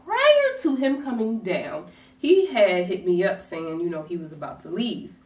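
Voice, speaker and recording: A woman vlogger telling a personal story in a lively, casual way, swearing and acting out what people said. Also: lowish voice, a little slow. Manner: animated, swears, acts out quotes. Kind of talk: storytime vlog. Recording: roomy echo, distant from mic.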